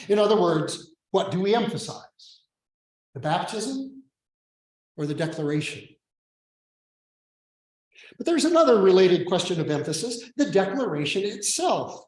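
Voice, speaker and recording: Slow, high-voiced priest in an echoey church. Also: male voice, big pitch swings, far from the mic. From Oregon, USA. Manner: measured, reflective preaching with gentle humor. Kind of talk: sermon. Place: church sanctuary.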